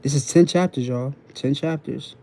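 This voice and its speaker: A TikTok live host with a gravelly, mellow voice of medium pitch talks at a moderate pace. He lectures his phone-stream viewers in casual slang, going over points repeatedly, preaching, and checking in with the audience.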